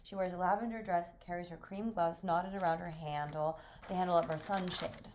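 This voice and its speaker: A woman's voice: lowish voice, fairly even intonation, a little fast, hardly any pauses, darkish tone. Woman reading stage directions aloud. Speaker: reader and narrator.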